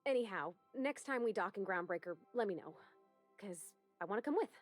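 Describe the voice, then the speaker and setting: A woman's voice: mid-range voice, animated, brisk, faint music behind, lightly acted. An actress playing a shy young female starship engineer, speaking hesitantly and self-consciously in a video game. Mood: bashful.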